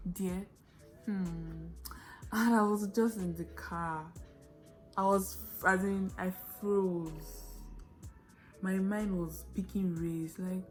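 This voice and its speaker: A young Nigerian woman telling a story on her vlog, animated and dramatic, with quick shifts of pace. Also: medium pitch, soft background music. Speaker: vlogger.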